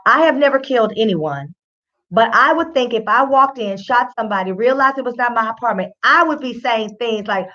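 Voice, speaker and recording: A woman giving casual legal commentary, lively and folksy, talking straight to her viewers. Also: on the high side, fairly quick. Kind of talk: casual commentary to an online audience. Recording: dull lo-fi sound.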